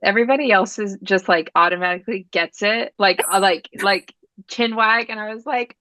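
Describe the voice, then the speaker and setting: A woman's voice: mid-range voice, normal speed, sharp tone, no room sound. Woman teasing n complaining bout points, dry close mic. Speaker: panelist. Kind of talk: casual chat.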